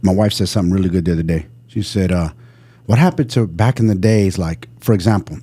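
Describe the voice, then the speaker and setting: A man hosting a podcast, chatting casually, upbeat and quick to agree and hype people up. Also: low voice, dark tone, husky. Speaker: podcast host. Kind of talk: casual chat.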